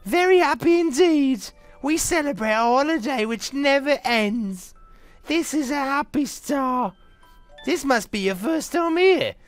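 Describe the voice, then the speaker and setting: A man voicing a cheerful, translucent dove townsman who welcomes visitors in a slow, singsong way, over faint game music. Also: very high voice, lively intonation, pitched above the performer's own voice. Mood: cheerful welcoming.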